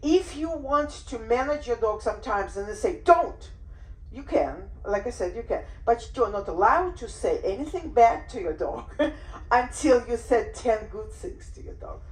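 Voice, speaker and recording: Woman dog trainer, fairly high voice, roomy echo, animated. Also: moderate pace. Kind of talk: workshop talk. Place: room on a cruise ship.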